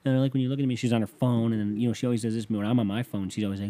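A man's voice: mid-range voice, fairly even intonation, very fast, dark tone. A young man hosting a podcast from his bedroom, talking in a rambling, profane, self-mocking monologue. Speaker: podcast host. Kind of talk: casual solo podcast monologue.

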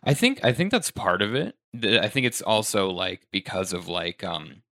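A man's voice: lowish voice, animated, moderate pace, sharp tone, no room sound, clean studio sound. A man with a Western American accent hosting a casual chat, curious and asking follow-up questions.

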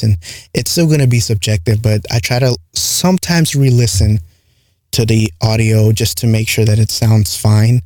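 A man's voice: medium pitch, fairly even intonation, normal speed, a little mellow, dry recording, clean studio sound. A man hosting a podcast on his own, rambling casually with lots of "like" and "right?" fillers, in a light accent. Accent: light non-native English accent. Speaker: podcast host. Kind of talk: casual solo podcast monologue. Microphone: close studio mic with compressor.

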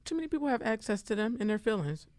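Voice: mid-range voice, very animated, rapid-fire, dry recording. A podcast co-host in casual chat who talks loosely and animatedly, using lots of slang and filler words.

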